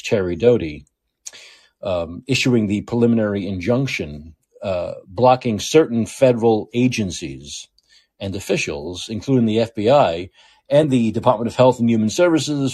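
This show host, speaking with a New York accent, drives his political commentary by emphatically repeating himself. His voice is fairly low, husky, warm and dark, with lively intonation, wide pitch swings on each point, and a normal pace.

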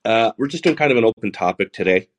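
A man with a baritone voice hosting a live podcast, talking through the week's news with sarcastic asides. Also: expressive, fast. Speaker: podcast host. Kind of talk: solo podcast monologue.

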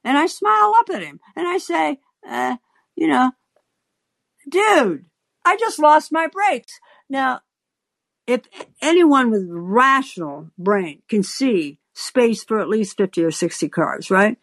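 An older woman hosts her show as an advice columnist, telling a long story to her listeners with wry asides. She speaks slowly, her pitch swooping up and down with lively expression. The sound is dry and close. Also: vocal fry, no room sound. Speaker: advice columnist and podcast host.

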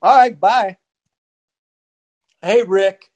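High-voiced man spinning a rambling joke. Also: extremely slow, a little mellow. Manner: playful, rambling joke-teller. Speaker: podcast host. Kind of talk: casual chat and storytelling.

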